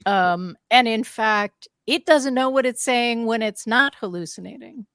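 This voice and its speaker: Female podcast co-host, measured and explanatory, dry close sound. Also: on the high side, fairly bright tone, smooth, no room sound. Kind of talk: casual panel chat.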